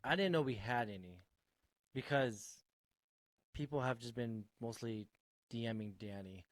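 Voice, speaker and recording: A man's voice: medium pitch, measured pace, no echo. A young man co-hosting a podcast, teasing and giggling often in casual banter. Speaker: podcast co-host.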